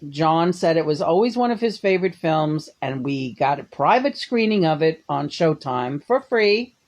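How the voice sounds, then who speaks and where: Profane, animated woman ranting. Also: fairly low pitch. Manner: profane, sarcastic, laughs often. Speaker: movie reviewer. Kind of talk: casual rambling monologue.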